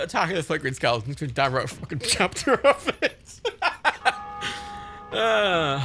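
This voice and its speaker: Lively, gravelly streamer. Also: male voice, mid-range voice, slight background noise. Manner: rambling, sweary, laughs often. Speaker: livestreamer. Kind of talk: casual chat on a gaming livestream.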